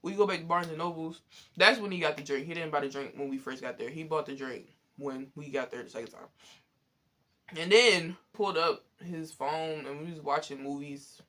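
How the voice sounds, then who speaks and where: A young man telling a story in a casual, animated, profane way, exasperated and often laughing. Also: on the high side, moderate pace. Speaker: vlogger.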